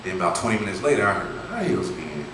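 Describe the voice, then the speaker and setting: A man performs stand-up, spinning a profane, slangy story and slipping into his friends' voices as he goes. His pitch leaps and dips all over the place. The sound is very echoey, taken from far off with steady noise behind him. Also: very fast. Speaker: stand-up comedian. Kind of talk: stand-up comedy set. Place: comedy club stage. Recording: echoey room from far off, noisy.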